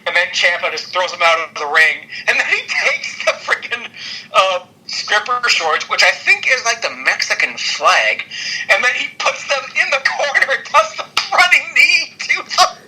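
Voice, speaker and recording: A man co-hosting a podcast, rambling excitedly through a wrestling recap with lots of fillers and laughter. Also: sits high, normal speed, low-quality recording. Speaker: podcast co-host. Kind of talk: casual wrestling recap chat.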